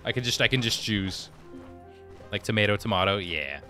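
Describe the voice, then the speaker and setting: Male streamer, lower register with a bright edge; reads chat aloud and riffs casually. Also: animated, normal speed, soft background music. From United States. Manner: reads viewer comments aloud and answers them chattily. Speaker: gaming streamer reading chat. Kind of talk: casual live-stream chat while gaming.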